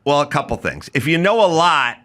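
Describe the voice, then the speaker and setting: Man, podcast host, sarcastic riffing, mock accents, bright lively voice. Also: a little high, brisk. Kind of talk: casual chat.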